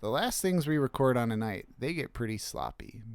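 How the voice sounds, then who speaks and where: A man's voice: mid-range voice, expressive, moderate pace, dry recording. Laughing, joking male podcast host. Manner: laughing often, joking and self-mocking. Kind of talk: casual podcast banter.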